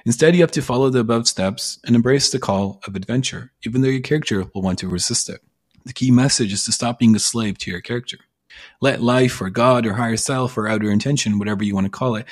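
A man with a mid-range, slightly mellow voice gives a blunt self-help monologue. He's casual and emphatic in trying to persuade, peppering his talk with profanity.

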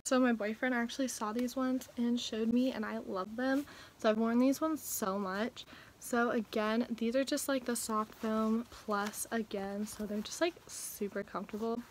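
A young woman chatting casually through a clothing haul vlog at home, speaking softly and sometimes half-whispering so as not to wake her family. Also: on the high side, steady tone, moderate pace, a little hiss or hum, low-quality recording. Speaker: vlogger. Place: at home indoors.

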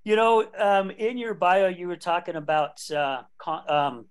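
Man, late 50s, podcast host, candid, jokey, slightly high pitch. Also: steady tone, unhurried, clean tone. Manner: candid and jokey, laughs often. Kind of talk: casual conversation.

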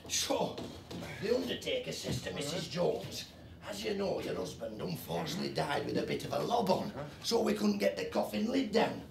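A man's voice: high-pitched, wildly swooping pitch, normal speed, background noise, exaggerated voice. A man playing a crude joking gravedigger. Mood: joke-telling. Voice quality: gruff, crude banter. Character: coarse joking working-class gravedigger man. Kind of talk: film acting. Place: outdoors on location. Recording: echoey location sound from a distance.

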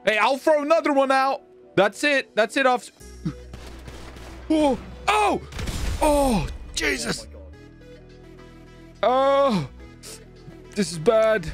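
Panicky, high-voiced game roleplayer. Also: male voice, expressive, slow pace, pauses often, fairly bright tone, faint music behind. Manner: panicky, swears and exclaims a lot. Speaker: streamer playing a robber in a roleplay game. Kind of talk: frantic gameplay roleplay.

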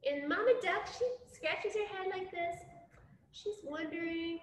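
A woman's voice: very high-pitched, measured pace. A woman leading small children through a dance class, telling a playful story with movement cues. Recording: echoey room with faint music.

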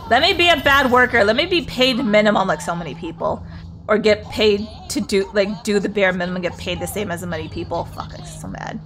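A woman's voice: mid-range voice, lively intonation, brisk, fairly bright tone, faint music behind. A woman streamer chatting casually during a game livestream, greeting viewers, exclaiming at the game and laughing often.

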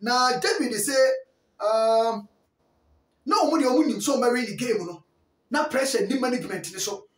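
A man with a Ghanaian accent giving emphatic, opinionated football commentary, his voice rising into bursts of near-shouting. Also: extremely high pitch, moderate pace, long pauses. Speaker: sports commentator. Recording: roomy echo, distant mic.

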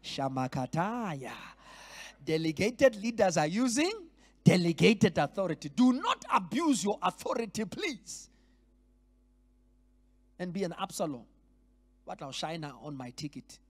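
A man leading a church leadership workshop, teaching in a lively way, switching languages and acting out little scenes. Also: high-pitched, unhurried, long pauses. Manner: animated, switches between languages, acts out scenes. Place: church hall.

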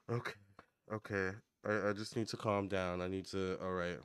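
A fairly low-pitched man talks through a tarot and psychic reading in a casual, excitable monologue. His voice is smooth and resonant, and the sound is dry and close, with no room echo. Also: normal speed. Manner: chatty, excitable, relays messages in a lively running commentary. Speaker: tarot reader and medium.

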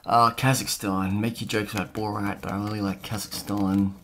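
A man's voice: fairly low pitch, flat delivery, moderate pace, fairly bright tone, a little hiss or hum. A man vlogging casually as he scratches off a map, rambling and chatty with lots of fillers. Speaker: travel vlogger.

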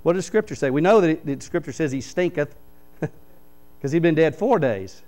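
A man, a pastor preaching a sermon in church, reading scripture aloud and explaining it with animated stories. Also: a little high, normal speed, low-quality recording. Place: church sanctuary.

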